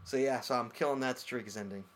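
Male co-host, quick and rambling, casual chat, average pitch. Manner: rambling, animated, swears casually. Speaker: podcast co-host.

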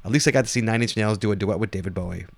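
A man's voice: on the low side, rapid-fire, vocal fry, no room sound. A man co-hosting a casual podcast, joking with his partner and reading listener contest entries aloud. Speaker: podcast co-host.

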